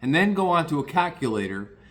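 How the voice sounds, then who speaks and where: A man's voice: fairly high pitch, big pitch swings, fairly quick, fairly bright tone, voice pushed up. A blunt, no-nonsense older family doctor, put on by a man telling a story, clipped and commanding. The voice sits well above the storyteller's own. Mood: firm.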